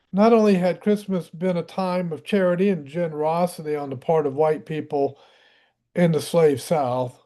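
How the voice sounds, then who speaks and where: A man's voice: on the high side, dark tone. A man from Tennessee with a Southern US accent, reading a history book aloud and adding casual asides of his own. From Tennessee, USA. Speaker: audiobook reader.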